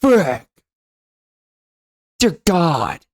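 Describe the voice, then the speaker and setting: A man delivering a loud, sneering, profane comedy rant as a game reviewer. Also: on the high side, sing-song, extremely slow, slightly rough. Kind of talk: ranting comedy commentary.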